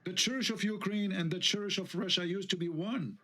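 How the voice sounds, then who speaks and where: A man's voice: high-pitched, steady tone, moderate pace, sharp tone. Indignant man. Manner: heated, indignant, rhetorical questions. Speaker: online show host. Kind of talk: live online debate talk.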